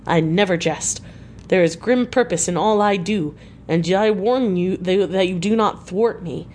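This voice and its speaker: A woman's voice: fairly low pitch, a little slow, a little mellow, slight background noise, natural voice. A woman voicing a stern, fatherly old male Dutch professor who speaks in broken English.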